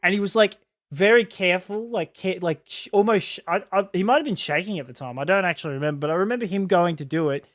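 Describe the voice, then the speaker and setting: A man with a notably high voice tells a casual story on a podcast. He halts, restarts and acts out what people said. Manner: halting, restarts often, acts out quotes. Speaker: podcast co-host.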